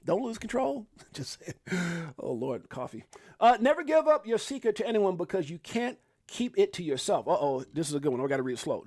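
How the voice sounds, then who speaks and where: Brief: high-voiced Chicago man, rapid-fire livestream host, dry close sound. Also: no echo. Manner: fast, excitable, shouting out viewers. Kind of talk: hyped casual livestream chat.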